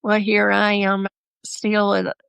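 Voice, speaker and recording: Gravelly-voiced mother telling her story. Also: medium pitch, completely flat delivery, slow, no echo. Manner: rambling, heartfelt, with self-corrections and soft laughs. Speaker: podcast guest. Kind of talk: personal storytelling in an interview.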